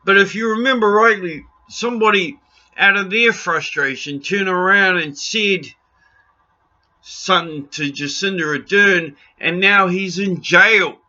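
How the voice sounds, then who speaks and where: A man's voice: high voice, unhurried, pushed and bright, muffled recording. A New Zealand man in an impassioned rant to camera, blunt and pleading, raising his voice and swearing freely. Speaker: video blogger.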